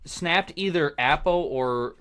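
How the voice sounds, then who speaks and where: A man with a bright, forceful voice pitched a little high hosts a casual podcast chat. He rambles along, trails off and starts his thoughts over. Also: takes it slowly, clear, resonant tone. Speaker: podcast host.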